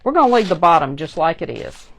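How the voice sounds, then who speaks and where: A woman's voice: lowish voice, sing-song, fast talker. A woman hosting a chatty live crafting demonstration, talking straight to her viewers. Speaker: craft tutorial host.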